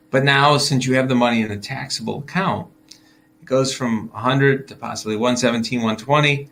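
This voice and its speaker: A man's voice: lowish voice, a bit bright, a little hiss or hum. Chatty man giving casual market commentary. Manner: chatty, laughs while acting out investors' thoughts. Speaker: financial advisor hosting a market video.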